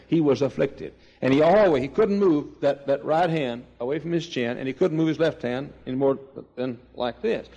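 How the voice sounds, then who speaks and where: A man's voice: a little high, darkish tone, long reverb tail, lo-fi sound. A man preaching a sermon, telling stories and acting out voices, with many restarts. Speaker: pastor. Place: church sanctuary.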